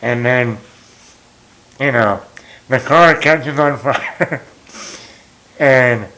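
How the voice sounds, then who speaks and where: A man's voice: medium pitch, extremely slow, sharp tone, poor audio. A man hosting a movie talk show, rambling casually as he retells scenes and quotes lines with chuckles.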